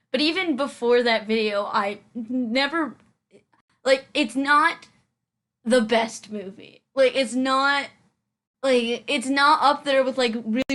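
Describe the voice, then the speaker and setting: A woman's voice: high-pitched, fairly bright tone. An eighteen-year-old woman vlogging her reaction to a movie in casual chat, rambling with lots of "like"s and frequent laughs. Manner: chatty and rambling, laughs often, many "like"s.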